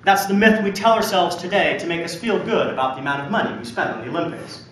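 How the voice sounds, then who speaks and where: A man's voice: high-pitched, lively intonation, quick pace, a bit bright, slight background noise. A male university lecturer giving a public lecture, telling history with emphatic storytelling and a pointed sense of humor. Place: large lecture hall. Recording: echoey hall from far off.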